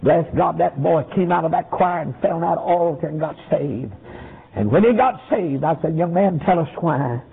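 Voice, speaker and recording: A male preacher, telling a story in a sermon with fervent, dramatic delivery that rises to shouts. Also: a little high, lively intonation, normal speed, gravelly, slightly rough. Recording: tinny lo-fi phone-like recording.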